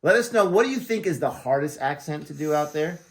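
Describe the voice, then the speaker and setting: A man's voice: on the high side, lively intonation, a little fast. Easygoing American man hosting a reaction chat. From United States. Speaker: reaction channel host.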